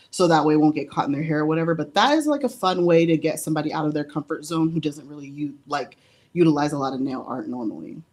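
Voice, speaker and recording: A woman demonstrating nail art in a relaxed live-stream tutorial. Her voice sits low, and she talks in a chatty, giggly way with lots of fillers. She sounds a little out of breath. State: slightly out of breath. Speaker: nail artist giving a live demo. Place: indoor studio under hot lights.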